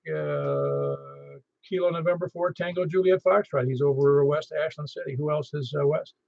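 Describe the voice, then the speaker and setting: A man's voice: a little high, lively intonation, moderate pace, darkish tone, dry recording. A man hosting a ham radio net in a chatty, easygoing way. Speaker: net control host. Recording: muffled radio audio.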